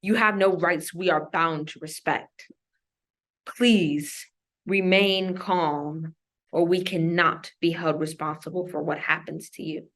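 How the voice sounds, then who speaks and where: A woman from Maryland performing spoken-word poetry recitations as an invited guest, with a deliberate, emphatic delivery. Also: fairly low pitch, fairly even intonation, fairly bright tone.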